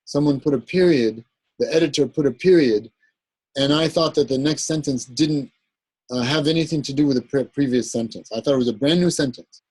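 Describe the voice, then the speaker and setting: A man's voice: medium pitch, fairly quick, darkish tone, breathy edge, dry recording, low-quality recording. A man teaching an Arabic grammar class, explaining step by step and often checking with the class. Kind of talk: classroom lecture.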